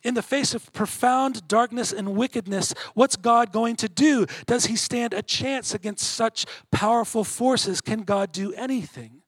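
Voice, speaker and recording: A man preaching a sermon, earnest, swelling louder on key points and dropping quiet between them. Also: extremely high pitch, a little slow, hardly any pauses, husky, no room sound. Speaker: pastor.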